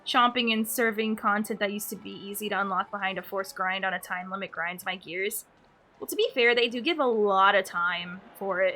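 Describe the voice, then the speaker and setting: A woman's voice: mid-range voice, sharp tone. A woman streamer chatting casually and wryly while playing a game on a live stream. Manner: chatty, wry and offhand.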